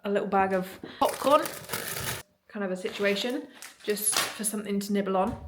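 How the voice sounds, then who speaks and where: A woman's voice: medium pitch, moderate pace, noisy background. A young woman, a fitness coach, chatting casually and upbeat to her phone camera at the gym and at home. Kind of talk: casual vlog chat.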